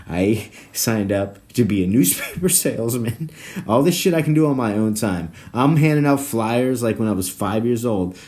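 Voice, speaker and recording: A man hosting a solo podcast, rambling through tangents with lots of swearing and laughter, jumping between low mutters and loud bursts. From South Florida. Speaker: podcast host.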